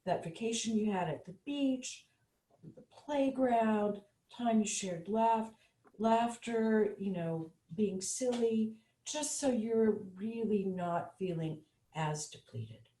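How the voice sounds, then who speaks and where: A woman on an online panel who tells a short story and then gently leads a mindfulness practice. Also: medium pitch, slow pace, echoey room, low-quality recording. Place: home room, video call.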